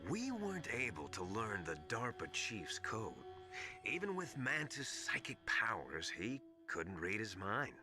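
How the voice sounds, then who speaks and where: A man's voice: fairly low pitch, sing-song, unhurried, over music. An actor playing a theatrical, mocking male villain in a video game, speaking with a put-on British accent and curling his sentences upward. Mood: scheming. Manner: gloating, upward curl at sentence ends.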